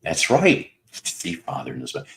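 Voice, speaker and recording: A man's voice: very deep voice, huge pitch swings, moderate pace, creaky, fairly bright tone. A man in his fifties with a Mid-South American accent, hosting a casual livestream, rambling and sardonic, greeting chat viewers by name. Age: 50s. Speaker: livestream host.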